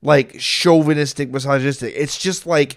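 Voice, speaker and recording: A man co-hosting a film review podcast in casual chat, relaxed and rambling loosely. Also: a little high, moderate pace.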